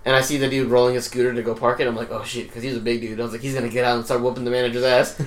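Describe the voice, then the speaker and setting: A man's voice: medium pitch, little pitch movement, rapid-fire. A young man in casual chat, telling a work story with lots of swearing, laughter and voices for the people in it. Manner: laughs often, swears, mimics people in stories. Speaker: podcast co-host.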